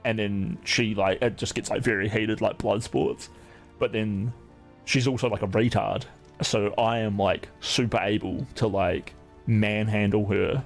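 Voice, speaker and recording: Gravelly dude rambling on a chill stream, swears a lot, says like constantly, bit of music behind. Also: male voice, on the low side, fairly even intonation, a little slow. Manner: rambling, profane, heavy use of filler "like". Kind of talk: casual stream chat.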